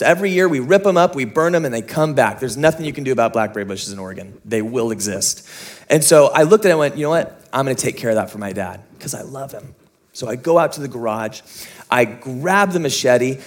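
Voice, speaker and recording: A young adult pastor preaching in a loose, chatty way, with a somewhat high voice. He tells stories on himself with quick asides and jokes. He then drops back into earnest points. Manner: conversational, self-mocking storyteller, quick asides. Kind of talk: sermon.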